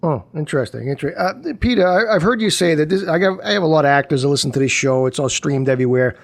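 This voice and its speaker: Gravelly-voiced host asking halting questions. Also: male voice, fairly high pitch, lively intonation. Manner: halting, restarts questions, laughs along. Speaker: podcast host. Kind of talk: interview questions, casual chat.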